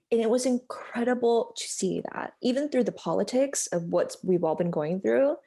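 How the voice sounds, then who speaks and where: A woman's voice: medium pitch, darkish tone. An American woman in her thirties, a podcast guest telling a personal story in a candid, heartfelt way, full of "like" and "you know". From United States.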